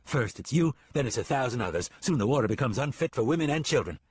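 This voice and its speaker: A man's voice: medium pitch, expressive, quick pace, darkish tone, slight background noise, lightly acted. A man doing a stern frontier sheriff woman. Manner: firm, no-nonsense.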